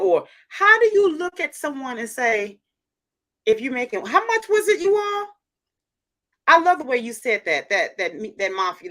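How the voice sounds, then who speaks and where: Animated, bright-voiced woman host. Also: on the high side. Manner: emphatic, animated, repeats phrases for stress. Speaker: show host reading viewer comments. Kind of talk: casual livestream chat.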